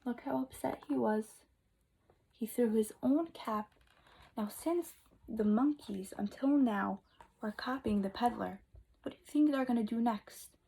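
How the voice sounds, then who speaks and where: A woman teacher reading a picture book aloud to young children, expressive and asking them questions, dropping to whispers for asides. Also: fairly high pitch, a little slow, creaky, husky, low-quality recording. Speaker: kindergarten teacher.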